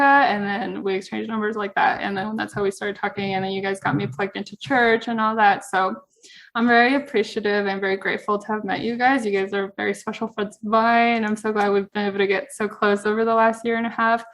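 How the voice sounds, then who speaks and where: A woman's voice: medium pitch, vocal fry, fairly bright tone. A woman chatting casually as a podcast guest, earnest and rambling, with lots of fillers. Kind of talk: casual chat.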